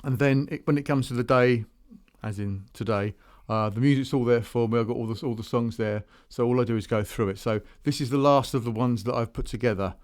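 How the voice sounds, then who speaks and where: A man's voice: mid-range voice, a little fast. A man hosting a music podcast on his own, chatting casually between songs in a rambling way, often restarting his sentences. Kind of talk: casual solo chat between tracks.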